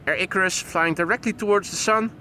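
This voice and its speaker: Here the same sort of runway-side livestream comes through fast: a high-sitting male voice, bright and forceful, with a faint hiss or hum underneath. He's doing live aviation commentary, reading flight details with wry humor.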